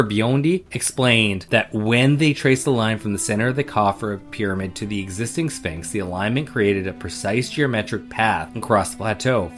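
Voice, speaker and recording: A man's voice: lowish voice, fairly bright tone. A man co-hosting a podcast, reading out news passages and dropping wry, joking asides. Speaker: podcast co-host. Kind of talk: casual chat and reading news aloud.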